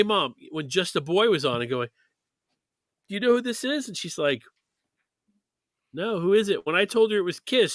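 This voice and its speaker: Guy on a podcast rambling about records, bright voice, dry sound. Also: a little high, dry recording. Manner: rambling, many restarts and fillers. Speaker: podcast co-host. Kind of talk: casual chat.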